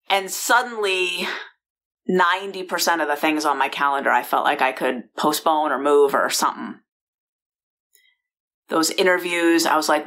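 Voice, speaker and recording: A low-voiced woman from San Francisco tells a personal story straight to the listener. She talks chattily, restarting sentences and adding asides as she goes, recorded in a bedroom. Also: normal speed, fairly bright tone. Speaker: founder and host.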